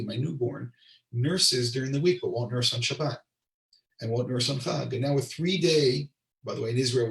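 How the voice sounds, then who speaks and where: A rabbi teaches a Torah class, reading Hebrew and translating each line into English with asides to his audience. His voice has a gravelly edge. It sounds roomy and a little distant from the mic. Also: mid-range voice. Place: lives in Israel.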